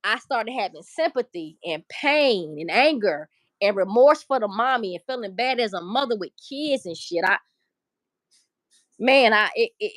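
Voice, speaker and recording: A woman's voice: fairly high pitch, dry recording. A middle-aged woman hosting a livestream, ranting emotionally and profanely. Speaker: livestream host. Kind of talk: casual livestream commentary.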